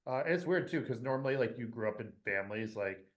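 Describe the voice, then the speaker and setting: Young guy from michigan, podcast host, rambly and excitable, tons of fillers. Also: mid-range voice, fairly quick, a crowd in the background. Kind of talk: casual podcast chat.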